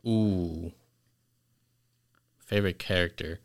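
A young man in a casual podcast chat, answering slowly and hesitantly between laughs. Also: sits low, fairly even intonation. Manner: hesitant, mumbling, laid-back.

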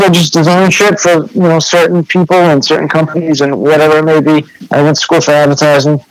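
A man's voice: fairly high pitch, little pitch movement, fast talker, few pauses, low-quality recording. A young man with a New England accent, a graffiti artist telling a story as a podcast guest in a laid-back, swearing, filler-heavy way. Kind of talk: casual storytelling chat.

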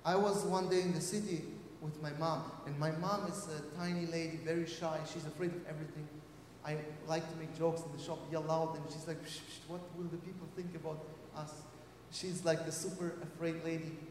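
A man preaching a sermon to a live audience, moving from loud calls to hushed storytelling. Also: on the high side, flat delivery, a little fast, slight background noise. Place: large hall. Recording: echoey hall from a distance.

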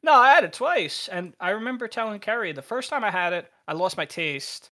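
Young male podcast co-host, bright raised voice, animated profane storyteller. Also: high voice, fairly quick. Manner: animated, swearing, laughs while telling stories.

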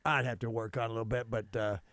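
A man co-hosting a radio show, chiming in with amazed remarks and halting replies. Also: mid-range voice, level tone, a bit bright, no room sound, clean studio sound. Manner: short amazed interjections, halting. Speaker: radio co-host. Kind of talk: casual radio chat.

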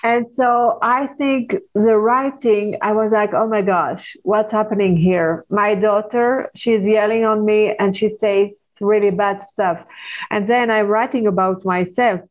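A middle-aged woman whose first language is Hebrew, speaking as a guest author in an interview, earnest and halting with frequent restarts. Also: mid-range voice, fairly even intonation, highs cut off. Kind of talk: conversational interview.

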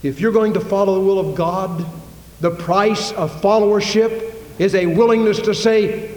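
A man's voice: sits high, moderate pace, a little mellow. A man preaching a sermon to his congregation, emphatic and full of rhetorical questions, recorded in a church. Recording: echoey hall reverb.

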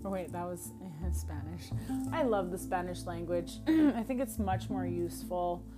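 A young woman from Canada talks through a solo audio diary podcast in a chatty, blunt way and pokes fun at herself. Her voice sits fairly low, and clear music plays underneath. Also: normal speed. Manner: chatty, blunt and self-mocking. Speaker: podcast host.

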